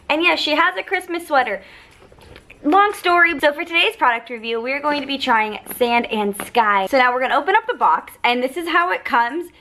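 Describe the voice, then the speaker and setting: A woman's voice: high-pitched, lively intonation, moderate pace, bright, forceful tone. A young American woman chatting through a casual beauty product review vlog in a bubbly, giggly way. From United States. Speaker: beauty vlogger.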